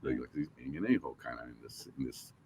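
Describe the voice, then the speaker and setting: A middle-aged American man, an actor guest, telling animated stories in a casual interview and acting out quotes with many restarts. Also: rumbling low, quick pace, a little hiss or hum. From United States.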